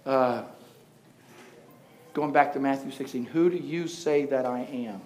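A man preaching to a congregation, joking with the crowd and building to loud, passionate preaching. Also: fairly high pitch, moderate pace, slight background noise. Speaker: pastor. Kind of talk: sermon.

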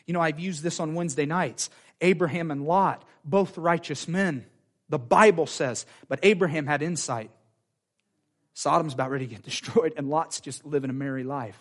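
Male pastor, fairly high voice, animated sermon delivery with repetition and acted-out quotes. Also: normal speed. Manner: animated preaching, acts out quoted voices, repeats phrases. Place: church sanctuary.

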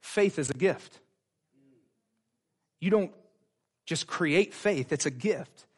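Man preacher, high voice, fervent and chatty, sermon delivery. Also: animated, husky. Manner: fervent, conversational preaching with quick asides.

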